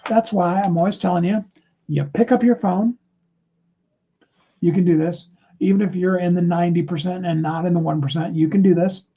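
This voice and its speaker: A man's voice: high voice, normal speed, pauses often, warm tone, slightly rough, highs cut off. A man giving a motivational livestream talk, speaking earnestly and encouragingly to his viewers. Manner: earnest, encouraging, acts out short sample dialogues.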